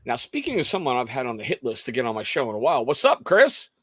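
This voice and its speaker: A man in his thirties hosting a casual show, telling family stories in an animated way and laughing often. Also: medium pitch, very fast, breathy edge, no echo. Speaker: podcast host talking to chat. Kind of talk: casual chat.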